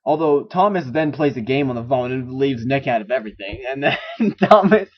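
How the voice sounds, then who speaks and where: A man's voice: medium pitch, lively intonation, fairly quick. Sarcastic man mocking a story. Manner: sarcastic, swears a lot, laughs at the text. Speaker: story reader. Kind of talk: mocking read-through of a story. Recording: dull lo-fi recording.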